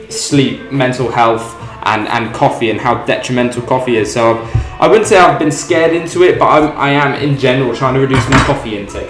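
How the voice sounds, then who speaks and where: A young British man hosting a livestream, chatting casually and rambling with many ums while he cooks. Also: medium pitch. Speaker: livestream host. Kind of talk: casual chat while cooking and reading chat. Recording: roomy echo, faint music behind.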